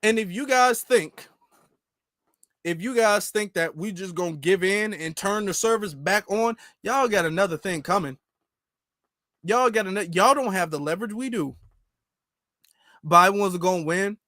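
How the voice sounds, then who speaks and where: Man, high voice, dry close sound, casual emphatic political commentary with a mock service-call bit. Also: sharp tone, no room sound. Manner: mock customer-service skit, repetitive and emphatic.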